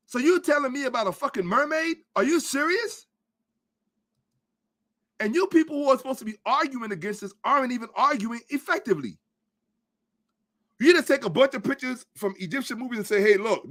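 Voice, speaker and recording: Guy with a pretty high voice going off on a rant, blunt and cussing, lecturing his listeners hard. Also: sharp tone. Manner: emphatic, blunt and profane, lecturing the audience. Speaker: podcast host. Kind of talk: ranting social commentary monologue.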